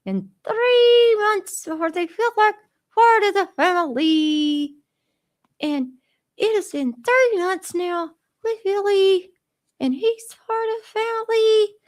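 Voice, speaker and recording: A very high, squealing little princess girl, put on by a woman, timid and excitable, who gushes breathlessly and piles up her words. She sounds like a children's radio story, with a slow, careful delivery between the bursts. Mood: earnest. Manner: breathless and gushing, squeals with emotion. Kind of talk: children's radio show role-play.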